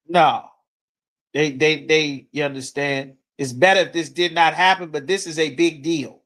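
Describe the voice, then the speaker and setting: A man teaching scripture to a class in a blunt, forceful preaching manner with coarse language. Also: on the high side, moderate pace. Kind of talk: street-corner scripture teaching.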